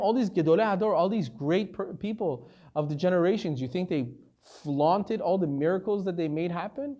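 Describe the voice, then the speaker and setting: A rabbi with a notably high-pitched voice delivers a Torah lecture. He speaks in a relaxed, conversational way, tells stories with animation and mixes Hebrew terms into his English.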